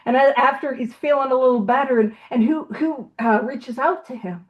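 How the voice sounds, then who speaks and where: A woman with a fairly high voice leads a recovery meeting. She tells a story in a lively, casual way, with frequent laughter. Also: moderate pace, dull audio. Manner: animated storyteller, laughs often. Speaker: meeting leader.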